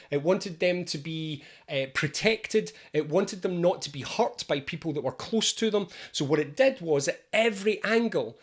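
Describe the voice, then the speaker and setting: A man, an anxiety coach, explaining anxiety in a lively storytelling monologue. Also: high-pitched. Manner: lively, storytelling, acts out scenes.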